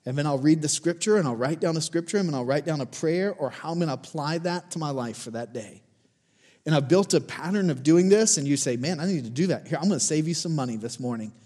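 A man's voice: fairly high pitch, darkish tone. A man in his forties preaching a sermon as a pastor, conversational and encouraging, repeating his challenges to the congregation. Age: 40s.

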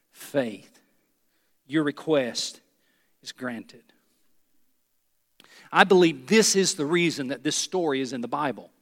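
A man's voice: a little high, a bit bright, big-room sound. A male pastor preaching a sermon in a church, earnest and emphatic, turning to the congregation with asides.

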